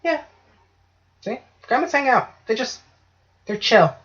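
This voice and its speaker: A woman's voice: fairly high pitch, expressive, slow pace, fairly bright tone. A woman co-hosting a casual podcast, talking loosely and jokily with plenty of swearing and tag questions. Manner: swearing, loose and jokey, frequent "right?". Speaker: podcast co-host. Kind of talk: casual chat. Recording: dull lo-fi podcast audio.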